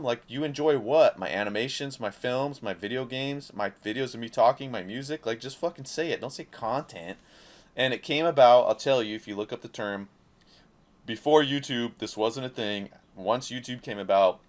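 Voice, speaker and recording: In a mid-range voice at normal speed, a man rambles passionately and profanely to camera. He's an independent creator delivering a casual talking-head monologue.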